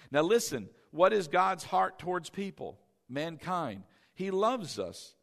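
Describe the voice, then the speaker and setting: A male pastor preaching a sermon, asking the congregation questions and calling for responses, moving between loud cries and soft, tender passages. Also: a little high, very animated, measured pace, gravelly.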